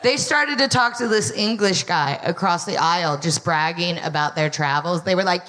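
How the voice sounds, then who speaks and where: A woman's voice: fairly low pitch, normal speed, hardly any pauses, a bit bright. An American woman in her thirties performing a wry stand-up set, telling a story and acting out quotes in front of a live audience. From United States. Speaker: comedian, co-host.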